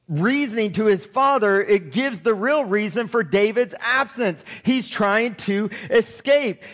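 Man, sermon, high voice, lively storyteller, reads scripture aloud. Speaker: preacher.

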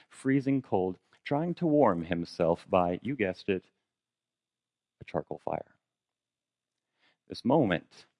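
A man's voice: low voice, dark tone, no room sound. A man preaching a sermon in a conversational way, posing rhetorical questions and retelling a story dramatically. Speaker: pastor.

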